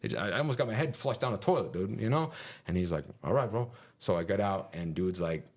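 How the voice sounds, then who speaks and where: A man in a casual interview, telling a story with animated energy, lots of fillers and punchy "boom" sound effects, and casual swearing. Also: quick pace. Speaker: interview guest.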